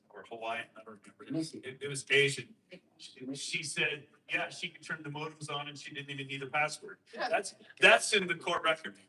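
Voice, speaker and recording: A man talking to a host, explaining and telling a story with emphatic rhetorical questions and lively quoted voices. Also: mid-range voice, recorded from a distance, poor audio. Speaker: guest speaker on election systems.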